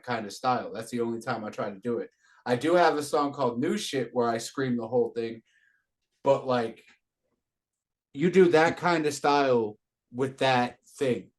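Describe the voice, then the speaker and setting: Laid-back young man, filler-heavy chat. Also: mid-range voice. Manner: laid-back, lots of "like" and "you know". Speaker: interviewer and rapper. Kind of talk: casual interview chat.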